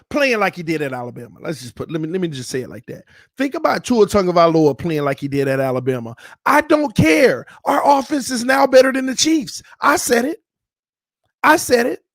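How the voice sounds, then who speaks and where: A man hosting a football fan channel, talking excitedly and repeating himself, dropping low and then shouting. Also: no room sound, studio quality. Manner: hyped, repetitive, swings from low muttering to shouting. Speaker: sports channel host.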